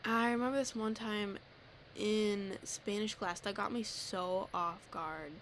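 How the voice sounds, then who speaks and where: A woman's voice: mid-range voice, steady tone, a little slow, fairly bright tone, slight background noise. Rambling teen girl, self-deprecating. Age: teens. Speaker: vlogger. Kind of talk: casual rant to camera.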